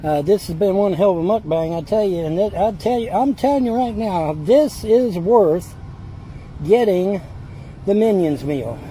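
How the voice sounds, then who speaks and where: Guy rambling thru a mukbang in his car, kinda high voice, lots of car noise. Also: animated, moderate pace, mellow, poor audio. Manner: rambling, chatty, drawling. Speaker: food vlogger in car. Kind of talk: casual mukbang chat. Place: parked car at a drive-thru.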